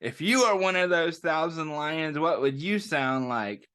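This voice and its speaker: A man reading a picture book aloud to young children at story time, stopping often to ask them gentle questions. He talks slowly, and his voice rises and falls a lot. It sits slightly above the usual pitch for a man. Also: lively intonation, smooth. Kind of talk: interactive picture-book read-aloud for kids.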